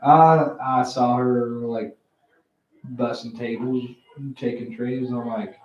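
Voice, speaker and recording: A profane, animated man spins a long tale during casual poker-game chat, voicing his friends' lines as he goes. He speaks slowly in a mid-range voice, far from the mic, with dull audio and roomy echo.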